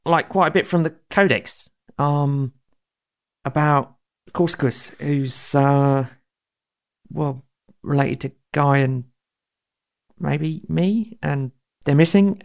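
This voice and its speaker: A man's voice: a little high, steady tone, takes it slowly. A man playing a tabletop game, speaking hesitantly with many ums and uhs. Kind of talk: casual chat.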